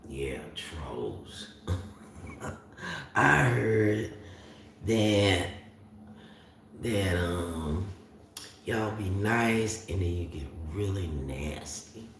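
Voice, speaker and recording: Deep-voiced and expressive, this livestream host from north Florida drawls out his words in a Southern accent, pausing often as he rambles and talks back to chat. A distant mic in a very echoey room picks him up, with slight background noise.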